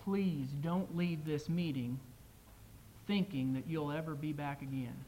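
An earnest male preacher delivers a sermon with emphasis. His voice sits somewhat higher than most men's. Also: unhurried, mellow, slight background noise, poor audio.

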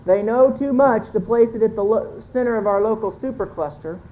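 A woman's voice: a little high, a little fast, mellow, highs cut off. A woman giving a folksy, earnest sermon-style talk to a church congregation, pointing to a chart and correcting herself as she goes. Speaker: church speaker teaching with a chart.

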